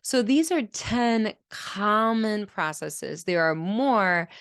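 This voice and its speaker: A woman speech-language pathologist explaining children's speech patterns in a clear, teaching manner and acting out sounds as examples. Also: mid-range voice, slow, fairly bright tone, dry recording, studio quality. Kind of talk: teaching video lesson.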